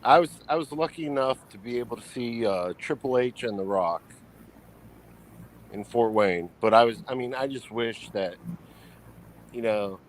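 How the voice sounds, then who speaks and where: A man's voice: mid-range voice, moderate pace, pauses often, poor audio. Man chatting casually over faint noise. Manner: short reactions, then recalls a memory. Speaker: host. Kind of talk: casual live-stream chat.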